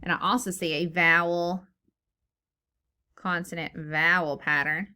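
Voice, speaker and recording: A woman teacher leading a phonics lesson for young children, slow and encouraging, sounding out words syllable by syllable. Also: fairly low pitch, fairly even intonation, bright, forceful tone, clear, resonant tone. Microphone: recorded lesson video.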